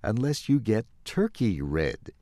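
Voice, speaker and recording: Brief: unhelpful shop saleswoman, read by a man, raised pitch, slow and dry studio sound. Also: sing-song, dark tone, no room sound. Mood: politely unhelpful. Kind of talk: scripted story reading.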